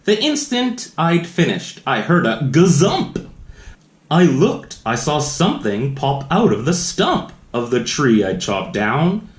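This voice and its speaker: Slow, sing-song man reading a storybook. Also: fairly high pitch, big pitch swings. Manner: sing-song rhyming reading with playful asides. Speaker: children's story reader. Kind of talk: reading a picture book aloud to children. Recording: roomy echo.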